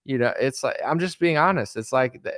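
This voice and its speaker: A man's voice: mid-range voice, expressive, a little fast, a bit bright, no echo, clean studio sound. An American man in a casual reaction chat, answering viewer comments in a rambling, blunt and defensive way, full of fillers. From United States.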